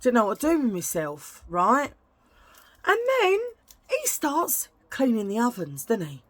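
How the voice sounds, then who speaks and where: A woman's voice: a little high, wildly swooping pitch, unhurried, a bit bright, dry recording. A woman telling a casual story to her vlog viewers, chatty and indignant, often adding "right?". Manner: chatty, indignant, tag questions. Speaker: vlogger.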